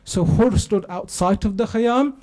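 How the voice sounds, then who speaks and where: A man's voice: high-pitched, unhurried, dark tone. A man delivering an impassioned religious sermon, building to a lamenting cry. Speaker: lecturer. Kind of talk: emotional religious sermon narration.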